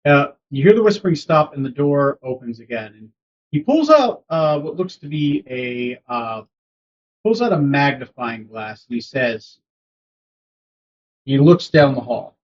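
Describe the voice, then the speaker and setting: A man's voice: medium pitch, lively intonation, a little slow. A man narrating a tabletop game as game master, rambling with many fillers. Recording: dull lo-fi recording.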